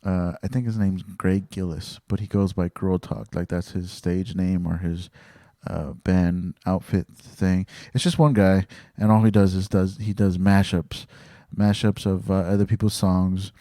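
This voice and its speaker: A man's voice: deep voice, fairly even intonation, a little slow, dark tone, no echo, clean studio sound. A man hosting his own podcast, talking casually in a rambling way with many fillers, restarts and casual swearing. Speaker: podcast host. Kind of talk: casual solo podcast talk.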